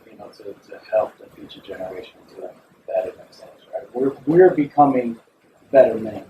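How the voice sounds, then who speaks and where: A man's voice: on the low side, animated, normal speed, slight background noise. Agreeable man in a roomy, dull recording. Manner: agreeable, chimes in with short affirmations. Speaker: podcast co-host. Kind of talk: casual chat. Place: recording studio. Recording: roomy, dull sound from a distant mic.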